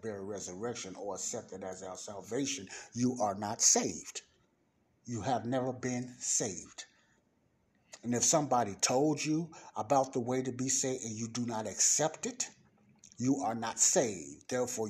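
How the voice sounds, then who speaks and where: Husky, emphatic male Bible teacher. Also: on the low side, darkish tone. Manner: emphatic, slows down to stress points. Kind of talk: informal sermon.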